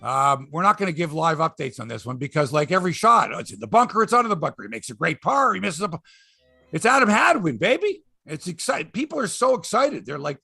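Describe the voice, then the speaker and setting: Gravelly, lively sports host. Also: male voice, on the high side, fast, no room sound, faint music behind. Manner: blunt, swears freely, animated rants. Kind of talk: casual sports talk.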